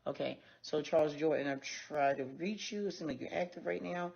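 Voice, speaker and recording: A woman's voice: sits low, moderate pace, creaky, hardly any pauses, darkish tone, slightly rough. A woman hosting a casual livestream, talking bluntly and with plenty of profanity straight to her viewers. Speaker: livestream host. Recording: dull lo-fi stream audio.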